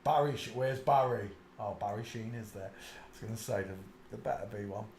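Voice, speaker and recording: A man's voice: brisk, darkish tone, a little hiss or hum. Man rambling in a roomy room. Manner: rambling, mutters asides to himself; breaks into high shrieking laughter. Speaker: live stream host. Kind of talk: live stream commentary.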